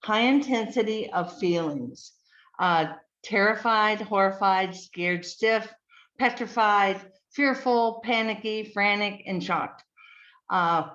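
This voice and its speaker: A woman giving a slide presentation, speaking in a measured way, listing words with frequent ums. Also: medium pitch, fairly bright tone. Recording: dull lo-fi recording.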